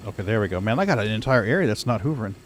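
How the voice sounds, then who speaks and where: A man's voice: on the low side, animated, rapid-fire. An American man chatting casually while playing a game, easygoing and rambling. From United States. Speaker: streamer. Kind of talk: casual gaming chat.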